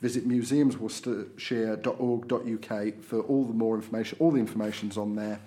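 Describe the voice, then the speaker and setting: A man's voice: lowish voice, fairly even intonation, a little fast, dark tone. A man hosting a podcast, chatting casually through local and political news with frequent fillers. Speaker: podcast host.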